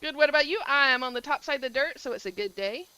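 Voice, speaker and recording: A woman's voice: high voice, fast, pushed and bright, slight background noise, poor audio. A woman from Georgia with a Southern accent, chatting casually on a game stream and greeting viewers by name. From Georgia, USA. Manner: upbeat, greets chat by name. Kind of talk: casual live-stream chat.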